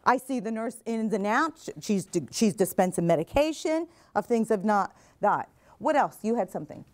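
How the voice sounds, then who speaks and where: In a lecture hall or classroom, a middle-aged mental health advocate delivers a motivational talk to nursing students. Her medium-pitched voice is animated and moves at a normal speed. Earnest throughout, she quizzes the audience and echoes what they say.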